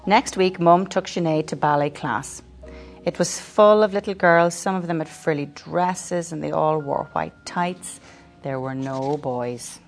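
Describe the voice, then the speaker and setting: A woman's voice: low voice, unhurried, faint music behind. Woman reading a picture book aloud. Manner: lively, clear storytelling. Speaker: storyteller reading to a child.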